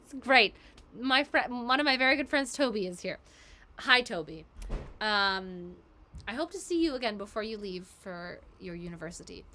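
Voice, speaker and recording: A woman voice actress casually chatting and answering fan questions on a live stream, giggly and quick. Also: mid-range voice, lively intonation, bright, forceful tone.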